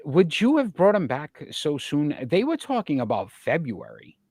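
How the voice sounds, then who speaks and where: A man's voice: a little high, wildly swooping pitch, moderate pace, a little mellow, slightly rough, no echo. A man hosting a sports talk show, asking long winding questions full of statistics. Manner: asks long, winding questions packed with stats.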